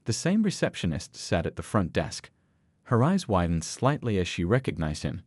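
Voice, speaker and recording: A man narrating a scripted story in a steady storytelling manner. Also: low voice, normal speed, slightly rough, dry recording.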